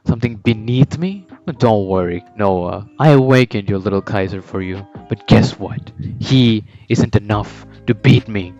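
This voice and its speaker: Man doing a cocky teen striker, loud taunting, higher pitched, lo-fi with music. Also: normal speed, clear, resonant tone, lightly acted. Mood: defiant. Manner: taunting, sneering, shouting. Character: cocky furious teen male soccer striker. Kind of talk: fan story voice acting. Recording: dull lo-fi with background music.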